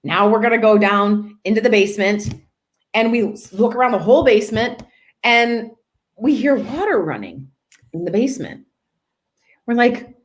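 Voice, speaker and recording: A woman's voice: on the high side, moderate pace, long pauses. A woman, a real estate agent, telling a funny work story on a podcast and acting out the people in it. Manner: animated, acts out voices in her anecdote. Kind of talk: casual storytelling.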